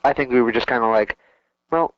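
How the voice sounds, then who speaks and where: A man in his twenties offers measured, hedged opinions on wrestling matches in a casual chat. His voice is mid-pitched, recorded dry with a dull lo-fi sound. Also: no room sound. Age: 20s. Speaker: podcast co-host.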